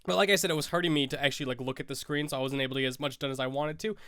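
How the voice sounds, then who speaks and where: A man's voice: medium pitch, steady tone, rapid-fire, sharp tone, smooth, no room sound, studio quality. A young American man with a cold, stuffy and sniffling, rambling through casual gameplay commentary as a Minecraft YouTuber. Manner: rambling, self-correcting, sniffling.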